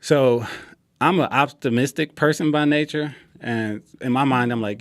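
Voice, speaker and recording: A young man, a guest in an interview, telling a personal story in a relaxed way and acting out quoted lines. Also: medium pitch, moderate pace, no room sound. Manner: relaxed, acts out quoted dialogue.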